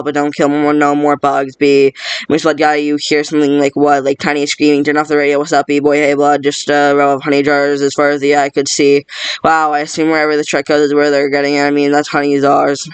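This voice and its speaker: Rushing through a film script read-through, this man voices all the roles with no inflection at all and a quick pace. His slightly high, clear, resonant voice carries no echo, and he keeps tripping over and restarting words.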